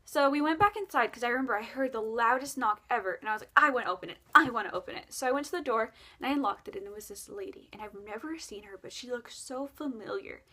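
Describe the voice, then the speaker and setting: A woman's voice: on the high side, fast talker, few pauses, fairly bright tone. A young adult woman telling a spooky dream story in a rambling, casual way, with lots of fillers and self-corrections.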